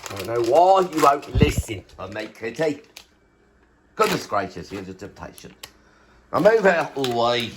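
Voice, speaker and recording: A man vlogging at home, scolding his cat in a high sing-song voice, with playful rambling asides. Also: very animated, normal speed, heavy background noise. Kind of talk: casual vlog talk to his cat.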